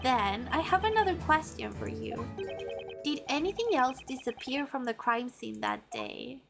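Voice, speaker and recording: An earnest young defense lawyer, read by a woman, pressing a witness with questions. High, unhurried voice, with game music behind. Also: expressive, gravelly, full character voice.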